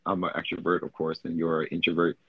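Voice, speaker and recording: A man's voice: sits low, completely flat delivery, quick pace, gravelly, breathy edge, dry recording, narrow, tinny audio. A man co-hosting a podcast, chatting casually in a teasing, playful way. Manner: teasing, playful, laughs a lot. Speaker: podcast co-host. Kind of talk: casual chat.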